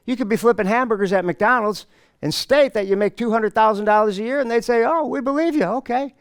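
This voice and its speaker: A middle-aged man giving a storytelling presentation to an audience, animated and self-mocking, acting out the dialogue. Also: sits high, quick pace, clear, resonant tone, no room sound, studio quality. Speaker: motivational speaker.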